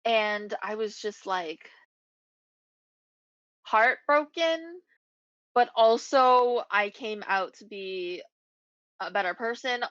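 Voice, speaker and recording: A young adult woman, a podcast co-host, telling a story in casual chat with animated, swearing delivery. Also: mid-range voice, takes it slowly, dry recording. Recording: dull lo-fi recording.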